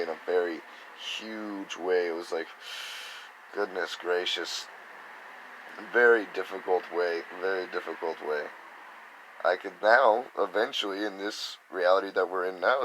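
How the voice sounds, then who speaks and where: Man, very low voice, casual rambling spiritual talk, faint room hiss. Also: a bit bright, rough recording. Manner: rambling, acts out others' reactions in quoted voices. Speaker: spiritual speaker.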